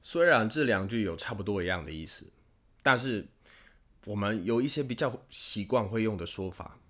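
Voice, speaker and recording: A man's voice: lowish voice, lively intonation, moderate pace, fairly bright tone. American man teaching casual English. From United States. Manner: explains patiently, acts out short everyday dialogues. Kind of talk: casual language lesson.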